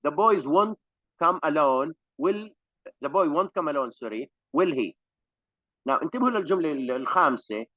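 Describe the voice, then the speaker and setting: A man teaching an English grammar class online, slow on examples and rapid in his explanations. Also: a little high, expressive, no room sound, highs cut off.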